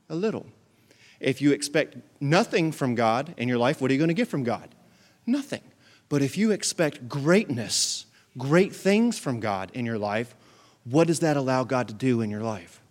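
Emphatic male pastor preaching. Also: fairly high pitch. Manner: preaching with rising emphatic build-ups and joking asides. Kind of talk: sermon. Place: church.

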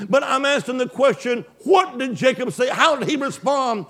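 High-voiced man preaching with fervor. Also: expressive, normal speed. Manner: emphatic call-and-response preaching; swings from loud exclamations to hushed asides. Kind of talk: sermon.

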